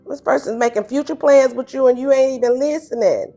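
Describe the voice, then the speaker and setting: A fairly high-voiced woman gives a casual tarot reading, blunt and animated, laughing and acting out her listener's answers. Faint music plays behind her. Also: brisk, gravelly, few pauses. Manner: animated and blunt, voices the viewer's replies in higher playful tones, laughs often. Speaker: tarot reader.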